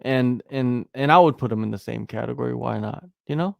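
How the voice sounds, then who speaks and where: Co-host, man: mid-pitched and gravelly, dry close mic, riffs and repeats his jokes. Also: a little fast, dry recording. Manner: animated, riffs on jokes, repeats himself for emphasis. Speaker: podcast co-host. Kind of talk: casual chat.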